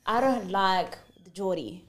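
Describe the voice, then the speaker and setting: A woman's voice: medium pitch, expressive, measured pace, a loud crowd. Chatty woman podcast co-host. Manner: chatty, repeats words, giggles. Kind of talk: casual chat.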